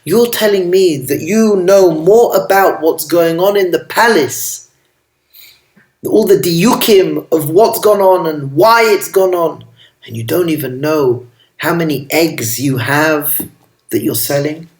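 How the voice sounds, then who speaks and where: An annoyed young prince scolds a market seller with open indignation, in a voice pitched a little above the usual for a man, as a storyteller acts him out. The voice rings in a roomy space with noticeable echo. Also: takes it slowly, darkish tone. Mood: indignant.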